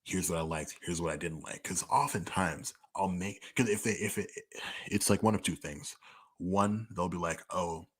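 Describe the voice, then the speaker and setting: A man's voice: low voice, moderate pace, husky. A young man talking candidly and profanely through a list of personal questions, in a loose, conversational way full of "like.". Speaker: podcaster answering listener questions. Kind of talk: casual monologue.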